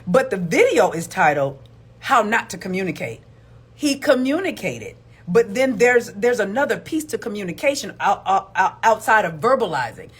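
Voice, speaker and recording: Woman relationship commentator, husky and animated, preachy and emphatic delivery. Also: mid-range voice, moderate pace. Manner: emphatic and preachy, repeats words for stress. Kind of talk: opinionated video commentary.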